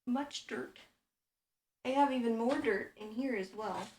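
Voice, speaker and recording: A woman's voice: fairly high pitch, a little fast, darkish tone, a little hiss or hum. A woman in her twenties from the United States, chatting casually as a streamer while she works at home, thinking aloud with lots of fillers. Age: 20s. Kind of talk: casual explaining while working.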